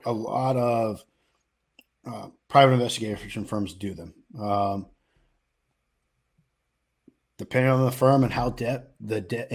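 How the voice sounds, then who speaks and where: His voice is mid-range and husky: a middle-aged man from the US West Coast co-hosting a podcast. He chats casually and conversationally, with many fillers and restarts.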